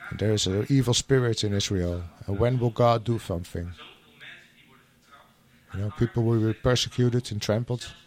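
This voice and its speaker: Unhurried preacher with a mid-pitched voice. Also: male voice, darkish tone. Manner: unhurried, with frequent "you know" and restarts. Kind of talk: sermon with scripture reading.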